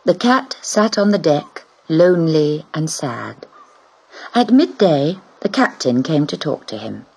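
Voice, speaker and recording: A woman reading a children's story aloud in an expressive, dramatic storytelling manner. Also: low voice, measured pace, vocal fry, breathy edge, low-quality recording.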